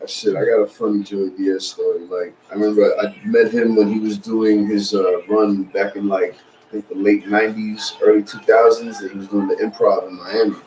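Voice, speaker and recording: A man's voice: on the low side, level tone, moderate pace, darkish tone. A man on a podcast in casual chat, telling a laid-back, profane anecdote. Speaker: podcast co-host. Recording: echoey room, faint noise.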